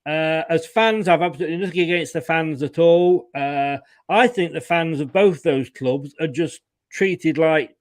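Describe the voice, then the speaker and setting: A fairly high-voiced man chats animatedly about football predictions, laughing a lot and stumbling over repeated words. His audio is dry and close, as if from a video call mic. The feel is loose and jokey. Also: dry recording. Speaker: pundit guest. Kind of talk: casual football banter.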